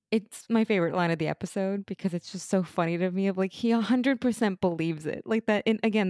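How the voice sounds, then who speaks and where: A woman co-hosting a casual podcast, animated and opinionated, full of quick asides. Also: medium pitch, no echo, clean studio sound. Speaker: podcast co-host. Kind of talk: casual chat.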